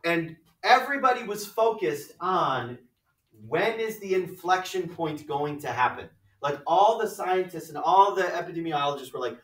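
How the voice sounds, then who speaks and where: A man's voice: fairly high pitch, animated, moderate pace. Man lecturing in an echoey classroom. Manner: explanatory, asks rhetorical questions with frequent "right?". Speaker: math teacher. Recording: echoey room from far off the mic.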